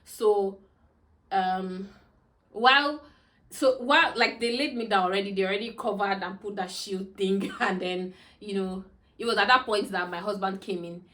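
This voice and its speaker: A young woman recounts a personal story to her viewers. She talks casually and chattily, with lots of "you know" and "like", restarting sentences as she goes. Her pitch sits in the middle for a woman. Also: moderate pace, a bit bright. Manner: chatty, many fillers and restarts, laughs often. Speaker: vlogger.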